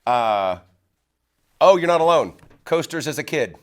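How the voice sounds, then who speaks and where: A man's voice: fairly high pitch, animated, unhurried. A man hosting a local talk show, giving a casual comedic monologue in front of a small studio audience, sounding incredulous and laughing along.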